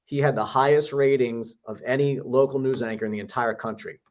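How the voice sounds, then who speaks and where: A man's voice: mid-range voice, fairly even intonation, brisk, a little mellow. A man hosting a podcast interview who draws out motivational lessons in an encouraging way. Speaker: podcast host. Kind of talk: interview conversation.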